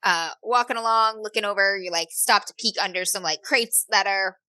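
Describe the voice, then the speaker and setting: A woman's voice: mid-range voice, moderate pace, pushed and bright, clear, resonant tone, no room sound, poor audio. A woman narrating as game master in a tabletop game, rambling with fillers and self-corrections and laughing at herself.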